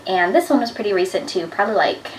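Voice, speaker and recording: A woman in her twenties telling embarrassing stories to camera in a chatty, animated way, with lots of "like" fillers. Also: mid-range voice, quick pace, slight background noise. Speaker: vlogger. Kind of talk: casual storytelling to camera. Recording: echoey room, a bit far from the mic.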